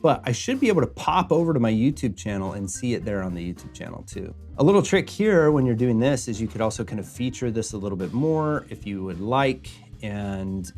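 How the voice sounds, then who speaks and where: A man hosting a podcasting tutorial and chatting through a screen-share walkthrough. He keeps it upbeat, with quick jokes, and speaks into a podcast mic. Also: on the low side, a little mellow. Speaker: host and podcasting instructor. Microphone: podcast mic through a mixer.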